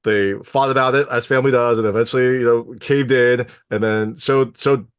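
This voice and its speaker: A man's voice: medium pitch, steady tone, moderate pace, clear, resonant tone. A man interviewing a filmmaker, enthusiastic and restarting his words as he talks. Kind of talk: casual interview chat.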